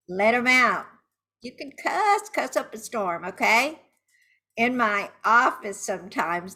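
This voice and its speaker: A middle-aged woman coaching a guided tapping session, speaking slowly and soothingly, then voicing loud angry phrases for viewers to repeat. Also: mid-range voice.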